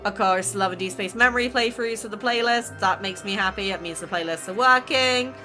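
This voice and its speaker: Female vlogger, bright and sharp tone, gushing and exclamatory, faint music underneath. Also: medium pitch, fairly quick. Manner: excitable, exclaiming, laughs between remarks. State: emotional, near tears. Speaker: YouTube creator. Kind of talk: casual vlog chat reviewing channel stats.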